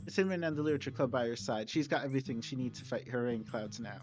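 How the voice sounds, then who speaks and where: A man streaming a playthrough, reading the narration aloud and breaking off for relaxed, chatty asides. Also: mid-range voice, racing, few pauses. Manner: relaxed, chatty, self-correcting. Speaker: streamer reading a visual novel mod. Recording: slightly dull with soft music.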